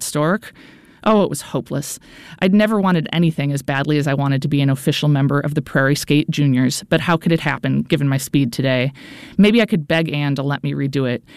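A woman's voice: low-pitched, smooth, no echo, studio quality. A woman narrating a first-person audiobook in an earnest, anxious inner-monologue manner.

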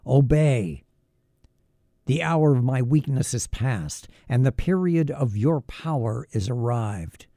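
A man voicing a wretched, bitter male creature made by a scientist, speaking in a slow, heavy, menacing way in an audiobook reading. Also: medium pitch, expressive, mellow, no echo, studio quality. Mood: commanding.

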